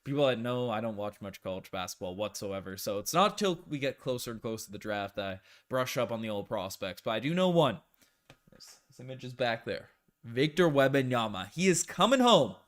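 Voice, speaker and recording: A man's voice: lowish voice, brisk, few pauses, fairly bright tone. A young man, hosting a casual live stream, hyped and joking while he reads out chat messages.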